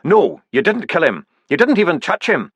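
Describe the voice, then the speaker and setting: A man's voice: fairly high pitch, big pitch swings, normal speed, fairly bright tone, slightly rough, no room sound, highs cut off, pitched above the performer's own voice, heavily acted. A man voicing an earnest dwarf priest who speaks in an urgent, persuasive way.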